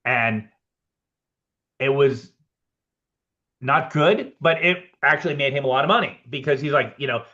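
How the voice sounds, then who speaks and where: A man, a production designer guest on a podcast, telling animated anecdotes and acting out both sides of his conversations. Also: mid-range voice, unhurried, pauses often, muffled recording. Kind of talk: casual storytelling interview.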